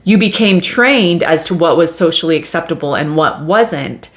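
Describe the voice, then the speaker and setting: A woman hosting a solo self-help podcast, speaking in a measured, repetitive teaching tone. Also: fairly low pitch, expressive. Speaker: podcast host.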